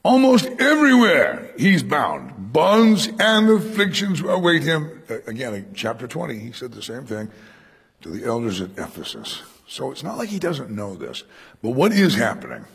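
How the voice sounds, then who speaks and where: A man preaching a sermon to a congregation in a room, animated, acting out quoted speech with sudden loud bursts. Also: mid-range voice, moderate pace, vocal fry, husky, big-room sound. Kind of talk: expository sermon on Acts.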